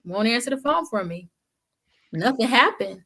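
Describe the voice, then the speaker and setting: A woman's voice: on the high side, expressive, normal speed, gravelly, a bit bright, slightly rough. A woman guest talking in an impassioned, emphatic, colloquial way, like a preacher. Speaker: guest speaker. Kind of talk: impassioned conversation.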